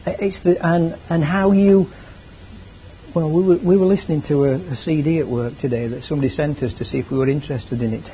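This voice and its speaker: A man's voice: fairly high pitch, fairly quick, slight background noise. A man preaching a sermon in a chatty, conversational way, drifting into asides. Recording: dull lo-fi recording.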